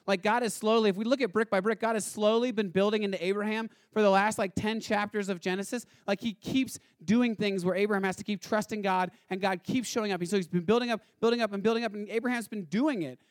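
A man delivers a sermon in a fairly high voice, retelling a Bible story in casual, animated fashion and slipping into the characters' voices. The sound is close and dry, with no room echo. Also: quick pace, hardly any pauses. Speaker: pastor.

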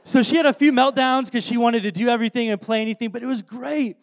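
A man in his thirties preaching through an anecdote, animated and self-deprecating, with lots of restarts. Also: very high voice, quick pace. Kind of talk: anecdotal sermon storytelling.

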